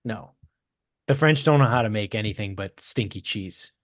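A man around thirty with a Boston accent, co-hosting a podcast and telling stories in an animated, profane way. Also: fairly low pitch, moderate pace, no echo, clean studio sound. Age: 30s. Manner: animated, swearing storyteller. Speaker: podcast co-host. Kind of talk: casual chat.

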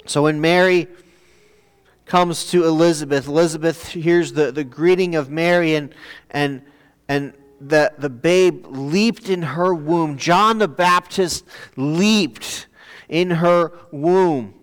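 A man delivers a sermon at an unhurried pace, often repeating a word or two as he gathers his thought. His voice sits a little high and sounds clear and resonant. It rings out in a church with a long, lingering reverb. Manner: halting, repeats words while searching for phrasing. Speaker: pastor. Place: church sanctuary.

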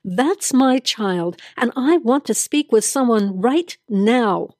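A woman's voice: fairly high pitch, animated, takes it slowly, a little mellow, no echo, studio quality. A woman voicing a frantic mother at a hospital in an audio drama reading, urgent and pleading. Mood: angry.

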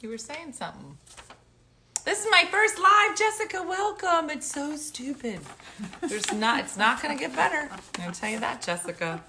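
Speaking at normal speed in a high, sing-song voice, a middle-aged woman tells stories and chats casually on a livestream from her home. She laughs often and feigns outrage, with some background noise in the recording.

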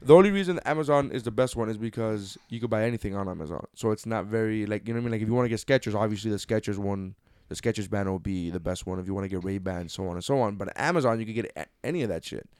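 A man's voice: lowish voice, rapid-fire, few pauses, clean tone, dry recording, clean studio sound. A young man hosting a podcast, telling a story in casual, joking banter and swearing freely. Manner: joking, profane, animated storytelling. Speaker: podcast host.

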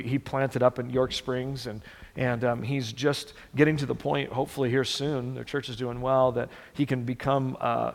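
A man's voice: medium pitch, gravelly. A male pastor preaching a sermon, earnest and direct, often repeating words for emphasis. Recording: long reverb of a church hall.

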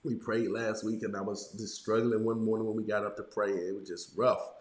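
Congested pastor preaching, deep and roomy. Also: male voice, little pitch movement, fairly quick. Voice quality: slightly raspy. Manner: punctuates lines with "amen". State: congested and nasal from illness. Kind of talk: sermon.

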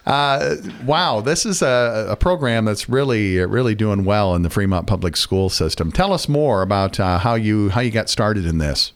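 A man's voice: lowish voice, normal speed, few pauses. A man hosting a morning radio interview segment, asking friendly, easygoing questions. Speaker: radio host.

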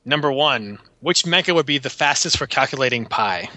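A man hosts a casual podcast, reading listener mail aloud in a bright, forceful voice. His delivery is wry and offhand. The sound is close and dry, with no room around it. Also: medium pitch, expressive, moderate pace, no room sound.

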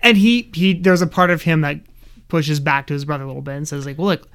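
Podcast guy with a smooth clean voice, earnest opinions, lots of you knows. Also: fairly high pitch, steady tone, fast talker, fairly bright tone. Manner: opinionated, earnest, with frequent fillers. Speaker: podcast co-host. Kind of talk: casual recap chat.

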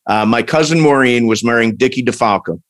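A man reminiscing about his childhood in casual conversation, relaxed and full of fillers. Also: mid-range voice, fairly quick. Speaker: conversation partner.

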